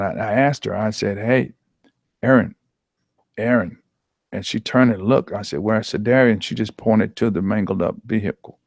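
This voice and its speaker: A man working as an athletic trainer tells a painful personal story in an earnest, halting way, with many restarts. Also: mid-range voice, gravelly, dry recording, clean studio sound.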